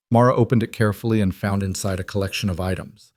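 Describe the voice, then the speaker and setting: A man reading a frontier story aloud as a scripted audiobook narration, steady and measured. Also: on the low side.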